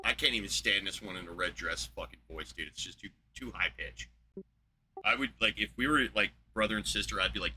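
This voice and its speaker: Guy ranting and cursing nonstop, super bright sharp voice, fed up. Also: lowish voice, brisk, slight background noise, low-quality recording. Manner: exasperated, swearing heavily. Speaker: podcast host reacting to a debate. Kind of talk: profane angry rant.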